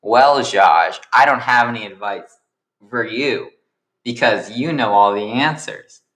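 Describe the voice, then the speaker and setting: A calm, wise creature hands out blunt advice in a storybook retelling, as a man puts him on. He lectures steadily in a plain voice. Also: medium pitch, a little slow, low-quality recording. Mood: lecturing.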